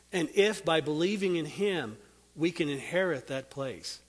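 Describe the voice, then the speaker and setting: A man preaching a sermon, earnest and drawing out key words, ending in a quiet prayer. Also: on the high side. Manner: earnest, slows and drops soft on key words. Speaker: Bible teacher. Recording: long hall reverb.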